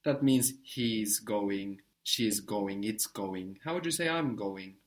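A man's voice: on the low side, slow. A man teaching a spoken language lesson, patiently explaining step by step and prompting his learner.

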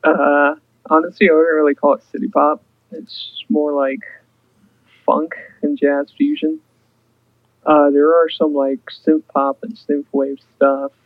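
A man's voice: fairly high pitch, animated, unhurried, dry recording, narrow, tinny audio. A young man, a guest musician in casual podcast chat, talking hesitantly with many fillers.

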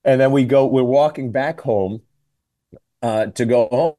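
A middle-aged man telling funny stories in casual radio chat, lively and laughing as he acts out what others said. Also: medium pitch, measured pace. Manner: animated, comic storytelling with laughs and quoted voices.

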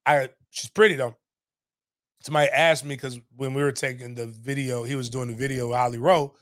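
A middle-aged man, telling a story in animated, profane casual talk on a podcast. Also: medium pitch, fairly quick, no room sound, studio quality.

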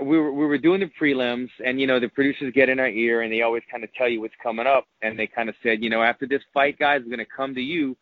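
A man's voice: mid-range voice, dry recording. Rambling man telling a story, lo-fi. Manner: rambling, repeats words when moved. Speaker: retired fighter and analyst. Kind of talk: casual interview storytelling. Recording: muffled lo-fi audio.

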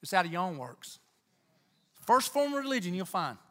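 Male preacher, high voice, bright, emphatic sermon delivery, church. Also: moderate pace. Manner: animated, emphatic, rising to near-shouts.

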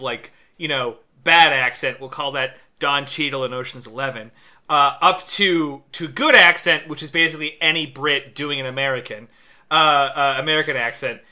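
A man with a fairly high, strikingly bright and forceful voice rants animatedly through a casual podcast chat. He laughs between words and keeps the tone loose and conversational. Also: normal speed. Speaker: podcast co-host.

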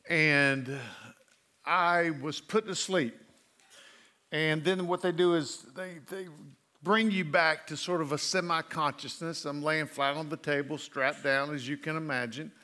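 A middle-aged male pastor preaching a sermon, folksy and animated as he tells stories. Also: medium pitch, smooth. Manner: folksy storytelling with animated asides.

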